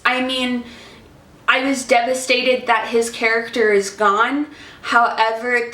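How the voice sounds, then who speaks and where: Woman book vlogger, fairly high voice, unhurried and gushing, recorded in an echoey room. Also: a bit bright. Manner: effusive, emotional, chatty. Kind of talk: casual book review vlog.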